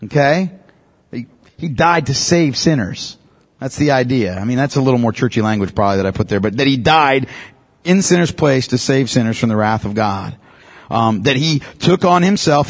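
Husky-voiced man teaching a church class. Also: mid-range voice. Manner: emphatic, repeats key points, checks in with "okay?".

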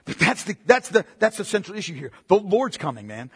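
A man's voice: sits high, big pitch swings, brisk, hardly any pauses, breathy edge, big-room sound. A man preaching a sermon in a conversational, emphatic way, repeating phrases and throwing in "man" as an aside.

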